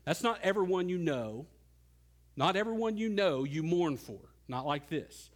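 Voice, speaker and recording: Preaching earnestly and without hurry, this middle-aged pastor uses lively intonation. His sermon swings between quiet, low stretches and loud, climbing peaks.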